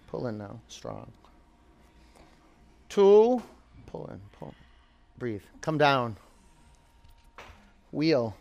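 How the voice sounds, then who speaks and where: A man with a slightly higher voice leads a yoga class, calling poses and counting each hold down from five. He coaches his students by name and urges them on through the hard moves. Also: a little mellow. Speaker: yoga teacher. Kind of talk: instructing a live yoga class.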